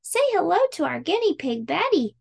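Woman doing a friendly little kindergarten girl, eager, high and sing-song. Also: very animated, normal speed, creaky, full character voice.

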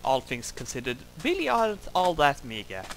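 A man's voice: medium pitch, wildly swooping pitch, moderate pace, music in the background, rough recording. A man giving wry, self-mocking commentary while playing a game, grumbling at it as he goes. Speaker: gameplay commentator. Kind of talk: let's play commentary.

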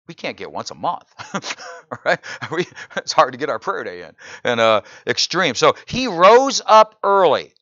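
Animated preaching man, muffled recording. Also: mid-range voice, normal speed, dry recording. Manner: animated preaching, frequent "right?" asides to the congregation; builds to loud, incredulous exclamations. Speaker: pastor. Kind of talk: sermon. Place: church.

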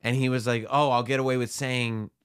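A man co-hosting a podcast in casual chat, playful and teasing, quick to laugh. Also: mid-range voice, flat delivery, a bit bright, clear, resonant tone, no room sound, clean studio sound. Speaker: podcast co-host.

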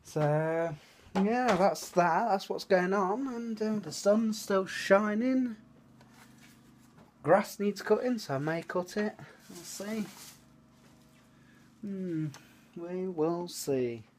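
A man's voice: sits high, takes it slowly, pauses often, slight background noise. A man chatting casually to his phone camera for a family vlog, rambling with trailing fillers as he moves between the house and garden. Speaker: family vlogger. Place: at home, indoors and in the garden. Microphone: phone camera held by the speaker.

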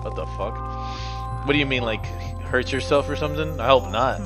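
A man's voice: mid-range voice, a little fast, music in the background. A man live-streaming a game, commenting casually, frustrated and swearing as he mutters to himself.

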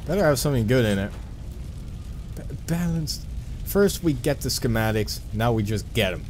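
A man casually commenting on his own gameplay, rambling and self-deprecating, with sudden excited outbursts. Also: medium pitch, normal speed, a little hiss or hum. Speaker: let's play gamer.

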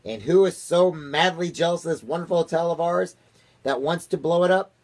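A man voicing a scheming male chief spy who speaks in a put-on falsetto, loud and theatrical, while reading a storybook aloud. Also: fairly quick. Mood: sly, teasing.

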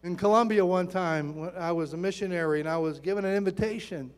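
A man in his sixties preaching a sermon, telling stories with lively acted-out quotes. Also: high voice, fast, clean tone. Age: 60s. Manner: animated storytelling, acts out quotes. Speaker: pastor. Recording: long reverb in a large hall.

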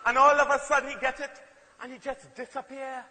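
A man's voice: very high-pitched, flat delivery, brisk, sharp tone. A man from Trinidad with a Trinidadian accent, performing a playful comic monologue with strong emphasis and acted-out voices. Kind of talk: comic spoken-word performance. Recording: long hall reverb, faint noise.

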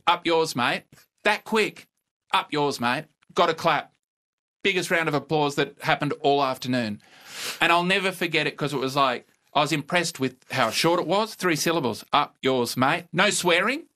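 A middle-aged Australian comedian telling stories in a podcast interview, with a laconic, dry and wry delivery. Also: male voice, fairly high pitch, a little fast, bright, forceful tone. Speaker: comedian guest. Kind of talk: casual storytelling interview.

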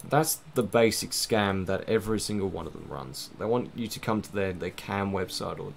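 A man's voice: deep voice, normal speed, gravelly, a little hiss or hum. A man giving casual, rambling, self-mocking commentary while playing a game, swearing now and then. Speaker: gaming let's-play host.

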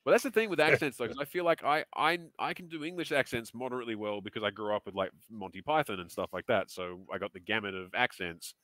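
An Australian man co-hosting a casual chat, animated and quick to break into playful accent impressions. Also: medium pitch, no room sound. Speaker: co-host.

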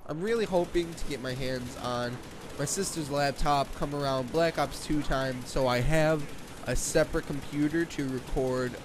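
A young man in his late teens doing rambling, jokey gameplay commentary from his bedroom, excitable and prone to sudden screams. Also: medium pitch, noisy background. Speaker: gaming channel host. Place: own bedroom.

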